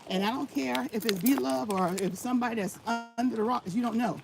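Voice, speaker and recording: A woman's voice: on the high side, fast, gravelly, music in the background. A woman giving emphatic, repetitive advice in a casual vlog while walking laps. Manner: emphatic, repeats her points for stress. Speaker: vlogger giving channel tips. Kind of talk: casual motivational vlog talk. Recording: noisy background.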